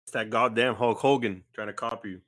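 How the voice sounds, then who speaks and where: A man's voice: mid-range voice, fairly even intonation, a little fast, a bit bright, no room sound, studio quality. A man co-hosting a podcast, asking questions in a laid-back, slightly hesitant way. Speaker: podcast co-host. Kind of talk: casual podcast chat.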